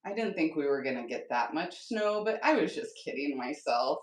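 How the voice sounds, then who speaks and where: A woman's voice: deep voice, expressive, normal speed, far from the mic. A woman hosting a casual live-selling craft stream, chatting upbeat with viewers while she paints, a little tired. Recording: echoey room, voice off-mic.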